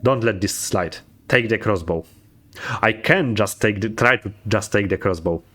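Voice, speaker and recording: A man's voice: lowish voice, moderate pace, a bit bright, faint music behind. A man playing a video game and commenting casually, thinking aloud, swearing and chuckling at himself. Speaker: let's play gamer.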